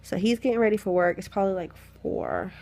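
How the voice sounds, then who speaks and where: Young woman, sick with flu; relaxed candid storytime, gravelly voice, mid pitch, phone mic in bed. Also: fast. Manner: chatty and candid, swears freely, laughs often. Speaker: vlogger telling a story. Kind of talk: casual storytime chat. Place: lying in a bed at home.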